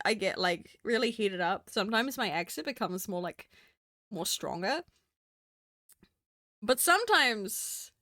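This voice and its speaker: A woman's voice: a little high, a bit bright, no room sound, studio quality. Chatty New Zealand woman streamer. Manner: chatty, laughs often, self-mocking. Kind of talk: casual stream chat while drawing.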